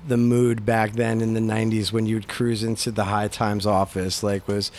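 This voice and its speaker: A man hosting a casual chat, asking halting questions and reacting with short exclamations. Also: lowish voice, little pitch movement, a little hiss or hum. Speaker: host.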